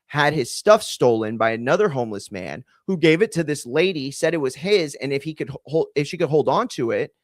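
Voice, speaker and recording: Profane, animated male podcast host. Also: on the high side, a little fast, few pauses, no echo. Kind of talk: casual storytelling.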